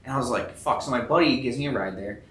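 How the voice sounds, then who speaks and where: Man, young adult, casual storytelling, swears a lot, bright tone, echoey room. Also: medium pitch, quick pace, far from the mic, slight background noise. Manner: rambling, swears a lot, acts out quotes. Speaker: tattoo artist guest. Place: tattoo convention. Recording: roomy sound, a bit off-mic.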